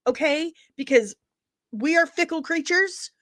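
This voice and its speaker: Animated woman host, ranting and jokey. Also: high voice, a little slow, no echo, clean studio sound. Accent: Midwestern American. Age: 40s. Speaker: pop culture news host. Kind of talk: casual chat reacting to chat.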